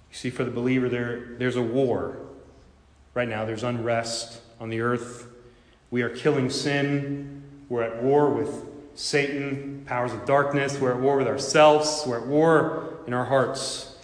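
Man, preacher, sermon, mid-pitched voice, hushed to forceful delivery, roomy echo, long reverb. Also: fairly even intonation, a little slow. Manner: preaching with rising intensity, swinging from hushed to loud. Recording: echoey hall with long reverb.

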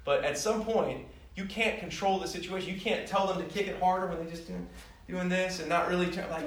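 A man giving a sermon in a conversational, self-deprecating way, growing animated as he tells personal stories. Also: high voice, a little fast, slight background noise. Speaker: pastor. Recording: echoey room heard from a distance.

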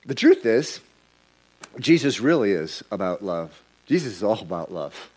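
A man's voice: fairly low pitch, big pitch swings, a little slow, a little mellow. A middle-aged man preaching a sermon as pastor, emphatic and repeating himself as he builds his points. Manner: emphatic, repeats words and restarts lines while preaching.

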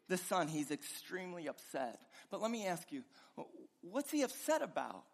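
A pastor preaching a sermon with passion, his voice swinging between loud and hushed. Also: high-pitched, big pitch swings, moderate pace, gravelly. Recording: long reverb of a large hall.

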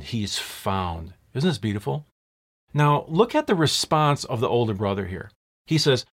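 A man's voice: mid-range voice, sing-song. Emphatic male preacher asking rhetorical questions. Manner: emphatic, asks rhetorical questions, slows down to stress words. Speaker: pastor. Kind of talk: sermon.

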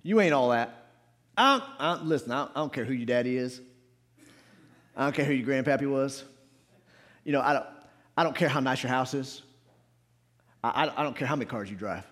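A man preaching a sermon in a church, swinging between loud shouts and quiet low asides. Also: expressive, brisk, pauses often. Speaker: pastor. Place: church sanctuary.

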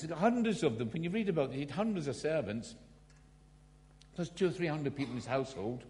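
A man's voice: a little high, very animated, quick pace, warm tone. Man preaching in a reverberant hall. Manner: storytelling, humorous asides. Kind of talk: sermon.

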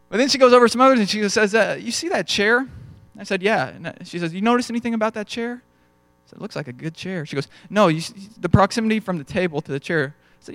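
A man's voice: high voice, animated, fast, fairly bright tone, no room sound. A young adult man preaching a sermon in a conversational storytelling way, acting out bits of dialogue as he goes. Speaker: pastor.

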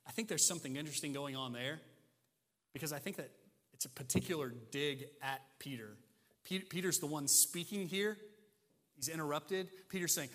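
A male pastor preaching with a bright, forceful voice set a little high. He leans on rhetorical questions and swings from ringing emphasis to hushed asides. A long reverb trails each phrase in a big church hall. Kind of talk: sermon.

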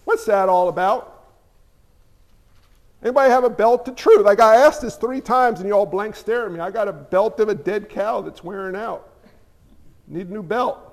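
High-voiced pastor in a reverberant hall. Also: male voice, creaky. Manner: conversational, jokey asides, acts out dialogue. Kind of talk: casual sermon.

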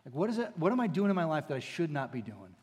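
A man preaching a sermon as pastor, moving between hushed, intimate passages and rising, emphatic exhortation. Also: fairly high pitch, very animated, fast. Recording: long hall reverb.

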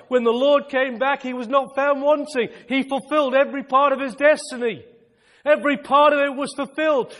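Man, preacher, fervent sermon, repeats phrases, very high pitch, long hall reverb. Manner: fervent, repeats phrases, shouts when excited.

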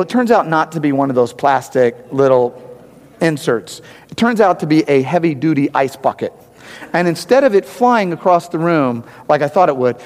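A man delivering a sermon in an easy, storytelling manner, often pausing to ask his listeners "right?" His voice sits a little high. The sound rings with the long reverb of a large hall. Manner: conversational, animated storytelling with frequent "right?".

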